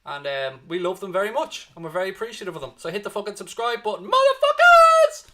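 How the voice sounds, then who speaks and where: A man with a Dublin Irish accent hosting a fan watchalong, giving animated live match commentary and chatting with viewers, swearing freely and urging positivity. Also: sits high, fast, heavy background noise. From Ireland.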